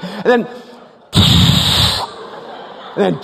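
High-voiced pastor in a reverberant hall. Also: male voice, moderate pace. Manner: animated storytelling, acting out voices, many restarts. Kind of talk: sermon storytelling. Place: large church hall. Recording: live church hall with reverb.

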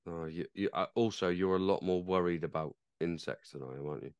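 A man's voice: low-pitched, quick pace, smooth, no echo, lo-fi sound. A man hosting a casual pub-style podcast, chatty and swearing freely, with frequent restarts. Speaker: podcast host.

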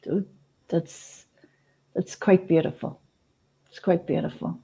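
A woman in her fifties from Northern Ireland, a guest on an interview show, talking earnestly and gently with frequent restarts and soft laughs. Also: fairly low pitch, steady tone, slow pace, gravelly, slightly rough. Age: 50s. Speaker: guest, spiritual author. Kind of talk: conversational interview.

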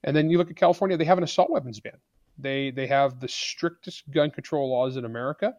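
A man's voice: mid-range voice, fast, a little mellow, dull audio. An argumentative man speaking as an author in a podcast interview. His delivery is blunt and emphatic, and the sound is dry and close, with no room echo.

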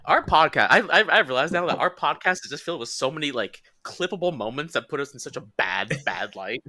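A man's voice: on the high side, animated, fairly quick, sharp tone. A man co-hosting a comedy podcast, telling jokey stories with casual swearing. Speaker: podcast co-host.

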